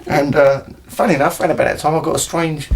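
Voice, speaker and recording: A man's voice: fairly high pitch, steady tone, fast talker, creaky, slight background noise. Laughing, swearing man telling stories. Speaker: interviewee. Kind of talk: casual storytelling chat.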